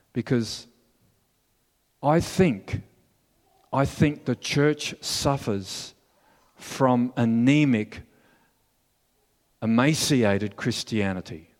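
A male pastor preaches in an earnest, measured way, telling the story slowly. His mid-range voice rings through a long hall reverb in a church. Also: mid-range voice, expressive. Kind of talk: sermon.

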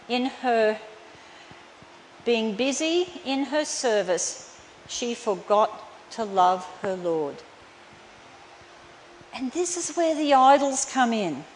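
A woman's voice: fairly high pitch, animated, slow, pauses often. A woman preaching a sermon in an earnest, emphatic way that turns tender. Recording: reverberant hall, faint room noise.

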